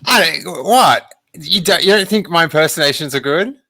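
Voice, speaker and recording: Bright-voiced joking male livestream host. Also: on the high side, lively intonation, moderate pace, dry recording, studio quality. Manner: playful, joking, rambling. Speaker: podcast host. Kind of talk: casual livestream chat.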